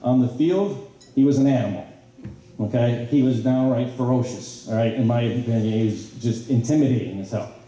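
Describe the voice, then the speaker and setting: A middle-aged man giving a banquet speech, telling stories in an animated way with many fillers and restarts. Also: medium pitch, moderate pace. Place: banquet hall. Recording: very echoey hall from a distance.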